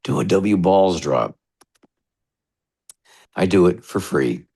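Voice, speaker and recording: Deep gravelly-voiced American man. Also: animated, slow, darkish tone. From United States. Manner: chatty, rambling anecdotes. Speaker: radio DJ guest. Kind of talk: casual storytelling interview.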